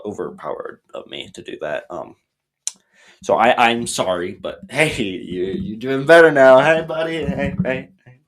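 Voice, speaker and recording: A young man with a deep, low-pitched voice talks to the camera in a comedic vlog sketch. He rambles and hesitates, with frequent ums and restarts. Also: low-quality recording. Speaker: vlogger.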